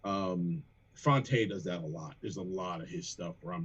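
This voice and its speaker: A man, a rapper in a band, chatting casually on a livestream, animated and profane as he breaks down lyrics. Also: sits low, normal speed, breathy edge, highs cut off.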